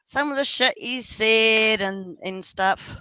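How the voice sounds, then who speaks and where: A woman's voice: fairly high pitch, slow pace, bright, forceful tone, clean tone, dry recording. A woman with a New Zealand accent in a casual voice chat, rambling, swearing freely and laughing often.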